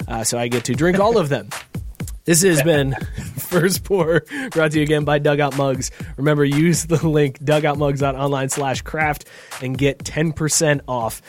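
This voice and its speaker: A man's voice: mid-range voice, fairly even intonation, normal speed, soft background music. A man hosting a casual podcast chat over a video call, loose and joking, laughing often. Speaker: podcast host.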